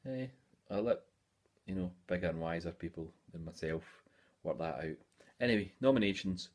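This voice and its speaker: A man's voice: deep voice, lively intonation, normal speed. A Scottish man in his forties chatting casually in a hobby vlog, rambling along with lots of "eh" fillers. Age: 40s. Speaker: hobby YouTuber.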